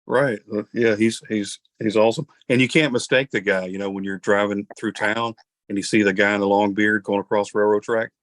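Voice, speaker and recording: A man's voice: fairly low pitch, fairly even intonation, fairly quick, fairly bright tone, no room sound. A man hosting an interview, chatting in a rambling, folksy, self-deprecating way. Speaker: host. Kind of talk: casual interview chat.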